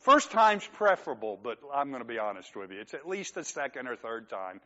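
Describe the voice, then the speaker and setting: A man's voice: mid-range voice, very animated, brisk, bright, forceful tone, lo-fi sound. A man preaching a sermon as pastor, talking conversationally, joking with the congregation and acting out quoted lines.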